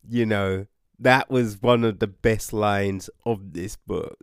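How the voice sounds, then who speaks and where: A man casually reviewing a book, animated, with frequent swearing, exclamations and restarts. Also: lowish voice, slow, clear, resonant tone, no echo, clean studio sound.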